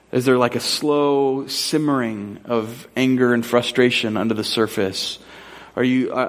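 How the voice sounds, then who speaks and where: Chatty pastor from Southern California. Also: male voice, medium pitch. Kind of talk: sermon.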